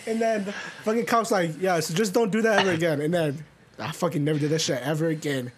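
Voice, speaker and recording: A man's voice: on the high side, fairly even intonation, fast talker. A young man co-hosting a podcast, telling rambling stories in casual chat and swearing a lot. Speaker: podcast co-host.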